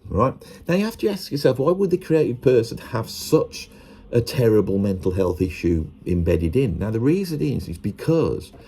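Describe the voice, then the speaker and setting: Gravelly low-voiced man rambling. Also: warm tone. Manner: rambling, self-mocking, slips into voices. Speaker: musician talking to camera. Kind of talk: casual monologue to camera.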